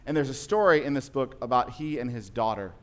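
A man's voice: mid-range voice, lively intonation, fairly quick. A man preaching a sermon, telling stories in a conversational way that rises to emphatic passages. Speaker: pastor.

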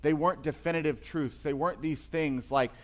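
A male pastor preaching a sermon in a church, moving from emphatic points to quiet, intimate storytelling. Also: on the high side, steady tone, brisk.

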